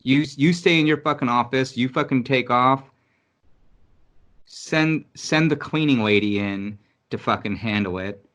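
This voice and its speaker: A man's voice: medium pitch, measured pace, fairly bright tone. A man from New York City in casual podcast chat, talking bluntly and emphatically with lots of swearing and restarts. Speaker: podcast co-host.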